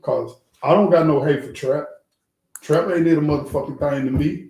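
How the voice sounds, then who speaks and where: A man's voice: a little high, moderate pace. A man hosting a casual street talk, telling stories with lots of cursing and repeated words. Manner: animated storytelling, repeats words, heavy cursing. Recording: echoey room.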